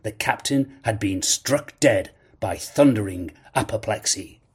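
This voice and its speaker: A man narrating a classic adventure novel in a measured storytelling manner. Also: fairly low pitch, darkish tone, slightly rough. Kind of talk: audiobook narration.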